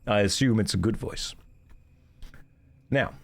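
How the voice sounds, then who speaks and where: Low-voiced man streaming a game. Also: slow pace, gravelly. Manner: playful, self-mocking, explains game mechanics. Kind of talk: casual game stream chat.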